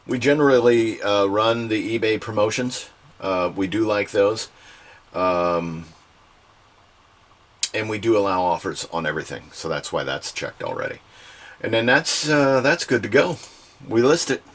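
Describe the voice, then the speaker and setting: A man's voice: fairly low pitch, lively intonation, unhurried, fairly bright tone. A man hosting a casual home vlog, chatting in a folksy way with joking asides from his storage room. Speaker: online reseller and channel host.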